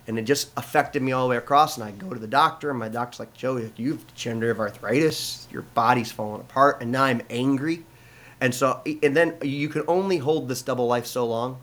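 A man's voice: mid-range voice, fairly bright tone. A middle-aged man from the United States, a pastor, telling his personal testimony in an interview, earnest and full of restarts and fillers.

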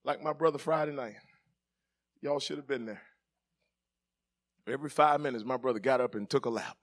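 A middle-aged male pastor, preaching a sermon that swings from soft, joking asides to the congregation to shouted climaxes. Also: mid-range voice, normal speed. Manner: jokes with the congregation, laughing.

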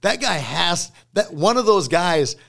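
Man telling an animated story. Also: high-pitched, a little slow, creaky. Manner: animated storyteller acting out quoted voices. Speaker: podcast guest. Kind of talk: casual storytelling. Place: podcast studio.

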